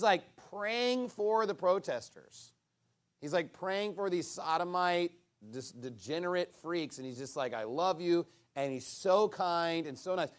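A man delivers a sermon in a notably high-pitched voice. He is emphatic, surging into loud, forceful bursts, then dropping to low, quiet stretches. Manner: emphatic, swings between booming and hushed. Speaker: preacher.

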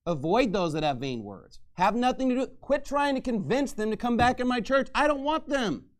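A man preaching a fiery sermon as pastor, angry and mocking, shouting at times. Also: very high voice, very animated, normal speed.

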